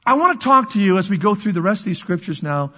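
High-voiced man preaching in a hall. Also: very animated, fast, lo-fi sound. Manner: dramatic swings from loud to hushed whispers; repeats words and restarts phrases. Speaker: pastor. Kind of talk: sermon.

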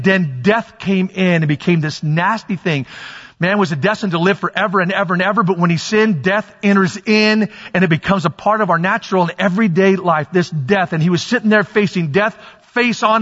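A pastor preaching a sermon, rising to shouts on key points and putting questions to his congregation. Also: sits high, slightly rough. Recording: lo-fi, long reverb in a church hall.

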